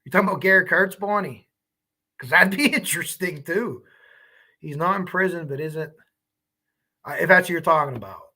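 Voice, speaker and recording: A man's voice: fairly high pitch, normal speed, long pauses, pushed and bright. A man hosting a true crime livestream, chatting casually and rambling as he reacts to viewer comments.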